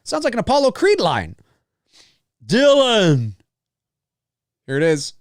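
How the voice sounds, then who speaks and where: A man's voice: sits high, huge pitch swings, fast talker, no echo, studio quality. A man hosting a live movie commentary, talking casually in a rambling, chatty way, laughing often and swearing freely.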